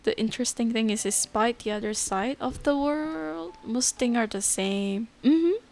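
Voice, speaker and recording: A woman live streamer in casual chat with her viewers. She is relaxed and chatty, laughs often and answers chat messages. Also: a little high, unhurried, vocal fry.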